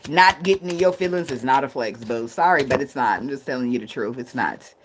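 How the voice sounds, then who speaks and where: A woman's voice: rumbling low, animated, brisk, noisy background. A woman in reads tarot live from her home. She talks bluntly and swears freely, and her delivery stays casual and direct. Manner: blunt, profane, laughs often. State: tearful at times. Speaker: tarot reader.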